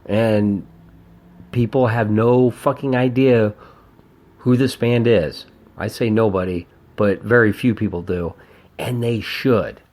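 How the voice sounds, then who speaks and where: A man hosting his own podcast, reviewing an old album in a casual, rambling way, swearing often and getting excited about the music. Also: fairly low pitch. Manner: profane, rambling and enthusiastic. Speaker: podcast host.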